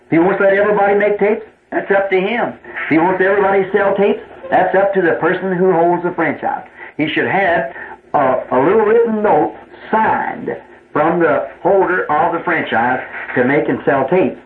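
A man from the United States speaks as a preacher to his church's trustees, earnest and rambling, circling back over his words in folksy grammar. His voice sits a little high and comes through a thin, phone-like tape with a roomy echo. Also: moderate pace. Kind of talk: informal church address. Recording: tinny, roomy old tape recording with hiss.

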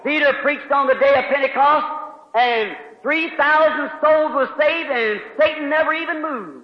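A man preaching a folksy revival sermon, moving between loud exhortation and quiet storytelling. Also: very high voice, moderate pace. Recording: old lo-fi tape with long hall reverb.

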